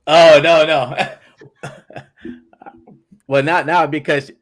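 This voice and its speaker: A man's voice: fairly high pitch, little pitch movement, takes it slowly. A man in casual podcast chat, giving short, laid-back replies.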